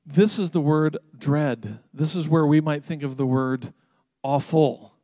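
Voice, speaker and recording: A man's voice: a little high, measured pace, dark tone, no echo. A man preaching a sermon, reading scripture with rising intensity and then explaining it in a conversational teaching tone. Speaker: pastor.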